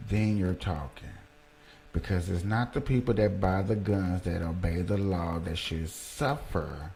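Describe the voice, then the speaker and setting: A man hosting a livestream, reacting to a clip and talking slowly and emphatically to his chat. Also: low-pitched, mellow, a little hiss or hum. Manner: slow, emphatic, talks to chat, jokes. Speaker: livestream host. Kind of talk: casual commentary on a played clip.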